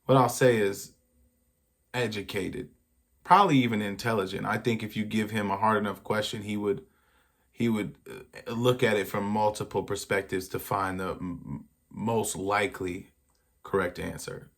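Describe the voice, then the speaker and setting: Low-voiced man rambling casually. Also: fairly even intonation, normal speed. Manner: rambling, slangy, thinking aloud. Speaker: reaction video host. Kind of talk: casual reaction commentary.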